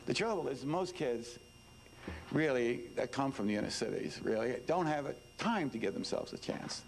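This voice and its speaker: Older New man, gravelly and conversational. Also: medium pitch, lively intonation, moderate pace, slight background noise, low-quality recording. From New York. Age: 70s. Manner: conversational, frequent "you know", emphatic repetition. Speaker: speaker and former detective. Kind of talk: informal speech to students.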